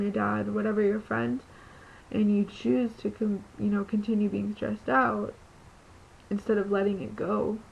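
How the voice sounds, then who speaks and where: A woman's voice: mid-range voice, gravelly. A young woman vlogging about living with epilepsy, earnest and encouraging, with frequent ums and restarts. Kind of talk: heartfelt motivational vlog talk. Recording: lo-fi webcam audio with faint noise.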